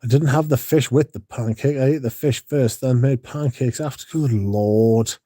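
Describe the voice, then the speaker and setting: A man's voice: medium pitch, moderate pace, warm tone. A man, hosting a livestream and chatting casually with his chat in a drowsy, rambling way. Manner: drowsy, yawning, mumbles at times. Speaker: livestream host reading chat.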